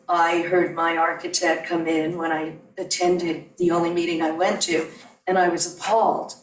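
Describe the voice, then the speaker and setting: A middle-aged woman giving earnest, digressive public comment in support of a neighbor at a town meeting. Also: fairly low pitch. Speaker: neighbor speaking at a public hearing. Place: town meeting room at a podium. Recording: distant mic in an echoey room.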